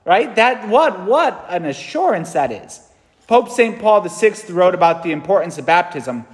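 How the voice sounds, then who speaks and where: A fairly high-pitched man in his thirties preaches a homily in an earnest, conversational way, often tossing in a quick "right?". His voice carries a long reverb from the large church around him. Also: very animated. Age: 30s. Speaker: priest. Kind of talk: sermon.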